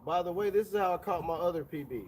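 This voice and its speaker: A man with a stuffed-up, congested voice talks casually to his livestream audience while fishing outside. His tone is mellow and dark, and he keeps calling his viewers y'all. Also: high voice, fast, breathy edge. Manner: chatty, addresses viewers as y'all. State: stuffy from a sinus infection. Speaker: fishing vlogger. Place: outdoors by the water.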